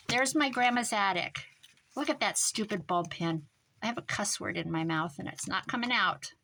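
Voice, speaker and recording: A woman making a craft journal, chatting casually as she works and muttering to herself with quick self-corrections. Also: medium pitch, a bit bright, a little hiss or hum. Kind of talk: casual crafting vlog, talking while working.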